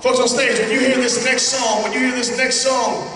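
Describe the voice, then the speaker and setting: A man with a very high voice leads a stage hypnosis act, playful and repetitive as he calls out commands and counts. He is captured from far off in an echoey hall, with a loud crowd laughing around him. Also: little pitch movement, normal speed. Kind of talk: live stage hypnosis show. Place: stage at a live show.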